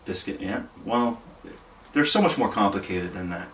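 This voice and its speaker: A man guest-hosting a casual podcast, full of pauses and dry, deadpan jokes. His voice is on the low side and sounds distant from the mic in a reverberant room. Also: slight background noise. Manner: halting, dry deadpan humor. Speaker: guest co-host. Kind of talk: casual chat. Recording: roomy and off-mic.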